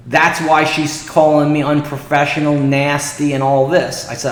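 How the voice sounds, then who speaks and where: A man hosting a trading show, telling an indignant story and reading messages aloud in a lively, exasperated way. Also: on the high side, moderate pace, hardly any pauses. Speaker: day trading show host. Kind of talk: casual livestream talk. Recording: echoey room with long reverb.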